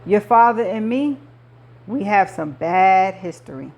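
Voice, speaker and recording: A woman's voice: mid-range voice, expressive, a little slow, a little mellow. A woman reading an audiobook, voicing an older male mob boss who talks like a movie gangster, menacing and jovial. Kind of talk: audiobook character voice.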